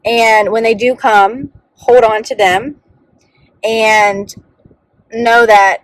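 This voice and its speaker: A woman's voice: on the high side, steady tone, drawn-out words, dry recording, poor audio. A young woman who teaches first grade, chatting earnestly in a casual vlog and peppering her story with "like.". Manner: chatty and earnest, many "like" fillers.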